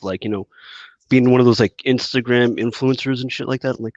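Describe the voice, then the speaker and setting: A man's voice: mid-range voice, fast talker, dry recording, dull audio. A man from California co-hosting a podcast, talking in a laid-back, casual way. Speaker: podcast co-host. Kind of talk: casual chat.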